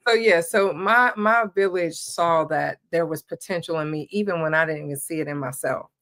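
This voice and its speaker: Animated, laughing woman from Ohio. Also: low-pitched, normal speed. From Ohio, USA. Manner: animated, laughs often, acts out quotes. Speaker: guest, former basketball player. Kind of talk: casual interview storytelling.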